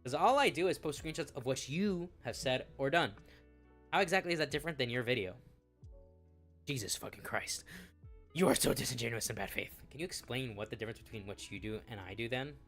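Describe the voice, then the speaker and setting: A man's voice: medium pitch, a little fast, fairly bright tone, faint music behind. A man doing commentary, reading messages aloud in a mocking tone and swearing freely. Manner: profane, sarcastic, laughing often. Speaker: commentary YouTuber.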